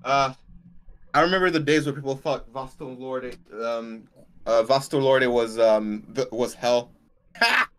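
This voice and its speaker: A man chatting casually as a podcast co-host, relaxed and hesitant with many fillers. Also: medium pitch, a little slow, clear, resonant tone. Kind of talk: casual chat about anime.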